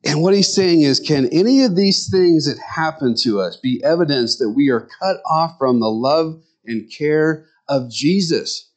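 A man's voice: a little high, animated, measured pace, few pauses. A man preaching a Sunday sermon, animatedly acting out the voices of the people in the scriptures he reads. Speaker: pastor.

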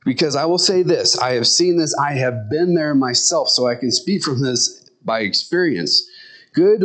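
A middle-aged man preaching a sermon in a conversational way, now and then acting out lines in squeaky voices. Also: fairly bright tone. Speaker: pastor.

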